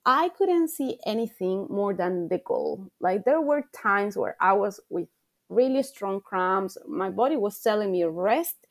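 A woman's voice: medium pitch, lively intonation, a little slow, vocal fry, no echo, studio quality. A woman coach speaking as a podcast guest, earnest and reflective, repeating phrases for emphasis. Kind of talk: podcast interview.

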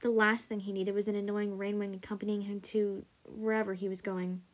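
A woman hosting a story podcast, reading a story aloud in a steady, even way. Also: medium pitch, fairly quick.

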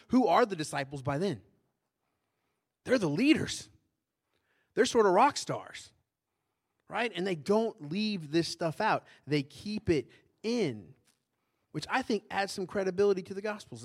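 Man, middle-aged pastor, sermon, conversational, questions to the congregation, a bit high-pitched.

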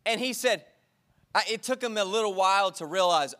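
A man preaching a sermon to his congregation in church, energetic and exhorting, drawing call-and-response from the crowd. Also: high voice, fast talker. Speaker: pastor.

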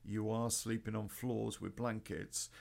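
A man's voice: fairly low pitch, flat delivery, measured pace, gravelly, darkish tone. A man telling a rambling personal story in a casual, sweary way, full of ums and restarts. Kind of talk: casual spoken anecdote.

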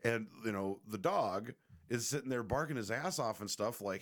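A man's voice: fairly low pitch, animated, fairly quick, a bit bright. A man casually telling a rambling, profane, joking story to the camera.

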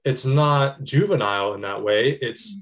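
An earnest man in a relaxed conversation, speaking at an ordinary mid pitch. He talks reflectively and strings his thoughts together in long, flowing lists. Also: measured pace. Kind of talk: casual conversation.

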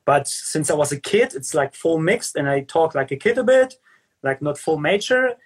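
A young man from Ukraine who grew up speaking Ukrainian and Russian, talking in a casual interview as a guest skater. He talks haltingly, searching for words, and laughs often. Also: on the high side, animated, husky. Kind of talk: casual video-call interview.

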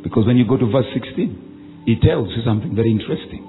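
A man preaching a sermon, commanding his listeners to repeat after him and swinging between loud calls and low drawn-out lines. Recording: tinny phone-like recording with faint music.

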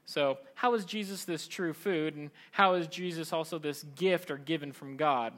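Guy preaching, kinda higher voice, chatty and animated, does little voices for people. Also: moderate pace. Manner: conversational, animated, acts out quoted voices. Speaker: pastor. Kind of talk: sermon.

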